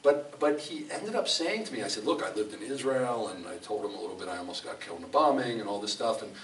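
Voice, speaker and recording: A man's voice: fairly low pitch, animated, fast talker. A man giving a conversational, storytelling sermon in a fellowship hall, speaking emphatically and often restarting his sentences. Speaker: preacher. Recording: echoey hall from a distant mic, faint room noise.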